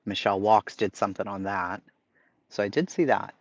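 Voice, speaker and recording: A man's voice: on the low side, a little fast, no echo. Boston-accented male streamer, blunt and profane, casual rant over slightly dull, lo-fi audio. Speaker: livestream host reading chat. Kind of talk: casual chat.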